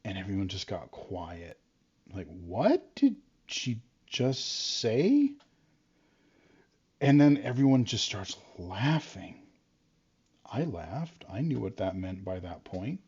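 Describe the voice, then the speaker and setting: A man's voice: sits low, lively intonation, unhurried, a little mellow, slightly rough. A man telling stories from school in a casual, rambling way, full of fillers and restarts. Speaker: vlogger. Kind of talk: casual storytelling. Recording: dull lo-fi sound.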